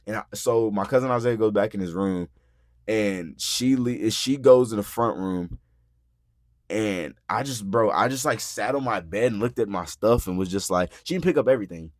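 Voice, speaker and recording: A young man on a podcast mic spins a chaotic story in casual, profane speech, peppered with "bro" and "like", bursting into loud acted-out quotes. His voice sits low. The sound is close and dry, with no room around it. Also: brisk, no echo. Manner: animated, profane, acts out quotes loudly; frequent filler words like "bro" and "like". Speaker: podcast host.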